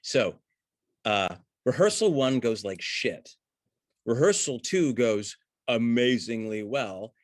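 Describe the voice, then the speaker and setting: A middle-aged man, an acting teacher, breaking down a film scene for an online class over a video call, animated and conversational. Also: medium pitch, takes it slowly, dry recording. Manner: animated, conversational, jumps into reading script lines.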